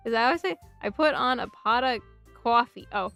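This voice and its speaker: A chatty woman streamer with a slightly high voice, giggling as she reads game dialogue aloud and riffs with her chat. Faint music plays under her talk. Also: a little fast, creaky, sharp tone. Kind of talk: casual let's-play commentary.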